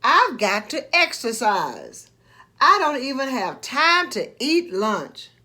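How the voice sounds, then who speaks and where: Storybook: woman doing a clumsy cartoon dog, loud, excited, high and bouncy. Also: slow, exaggerated voice. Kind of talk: storybook read-aloud.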